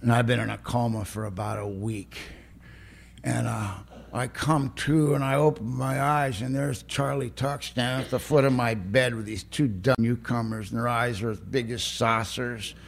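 A man's voice: mid-range voice, fairly even intonation, moderate pace, vocal fry. A middle-aged man, telling his own story at a recovery meeting in a raw, plain-spoken way. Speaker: recovery speaker.

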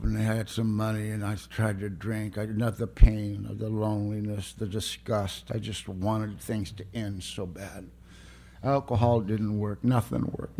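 A man's voice: on the low side, darkish tone. Earnest man telling a hard story. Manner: earnest, raw, plain-spoken storytelling. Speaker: recovery speaker. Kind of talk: storytelling talk at a recovery meeting.

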